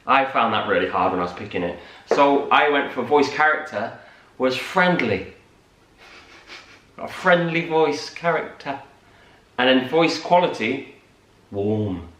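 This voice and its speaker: A man from North West England with a Lancashire accent, chatting casually about auditions in an animated, friendly way. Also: medium pitch, measured pace, pauses often, far from the mic. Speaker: co-host, musical theatre performer. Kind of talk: casual morning chat. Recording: roomy, from off-mic.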